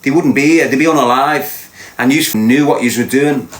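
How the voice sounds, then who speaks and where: A man's voice: mid-range voice, moderate pace, reverberant. A man with a Liverpool accent telling a heated, insistent story as a podcast host. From Liverpool, England. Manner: ranting, fired-up, insistent.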